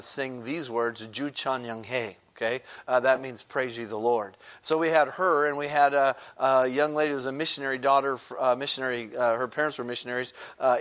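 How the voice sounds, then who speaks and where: A man's voice: medium pitch, fairly bright tone. A man gives a sermon in an easygoing, conversational way. He stops often to ask the people in front of him questions, and his talk is full of little fillers as he teaches. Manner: conversational teaching with frequent filler words, asks the congregation questions; briefly sings a short chorus. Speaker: preacher.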